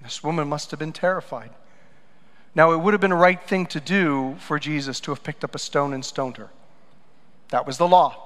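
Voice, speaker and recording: A pastor delivers a sermon in a church sanctuary, speaking at normal speed in a fairly high voice, with the sound ringing in a long hall reverb. As he tells stories, he alternates between loud, emphatic lines and soft, low asides.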